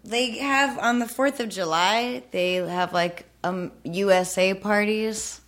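A woman's voice: medium pitch, slow, a bit bright. A woman chiming in on a podcast chat, prompting stories with hesitant interjections. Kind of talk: casual chat.

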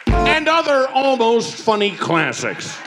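A man's voice: very high-pitched, wildly swooping pitch, slow pace, over loud music. A man on a live comedy stage doing a mock infomercial announcer, drawn out and teasing.

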